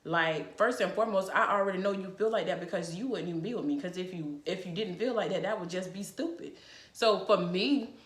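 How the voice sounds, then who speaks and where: A woman's voice: lowish voice, brisk. Blunt, chatty woman vlogger in an echoey room. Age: adult. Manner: blunt, frank and profane; chatty and emphatic. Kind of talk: casual advice vlog.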